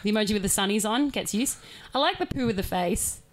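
A woman's voice: medium pitch, lively intonation, fast talker. A woman co-hosting a podcast in casual chat, playful and giggly, often cutting in mid-sentence. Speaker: podcast co-host.

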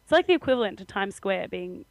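A woman's voice: medium pitch, very animated, quick pace, no echo, low-quality recording. A young Australian woman co-hosting a podcast, telling a story in casual chat with frequent laughter. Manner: chatty storytelling, laughs often. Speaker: podcast co-host.

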